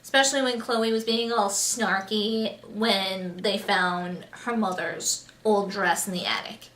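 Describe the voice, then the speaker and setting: A woman's voice: fairly high pitch, fairly bright tone, roomy sound, poor audio. A woman reviewing a book on her vlog, talking casually and gushing, with lots of "like" and "just". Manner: gushing, chatty, heavy on "like" and "just".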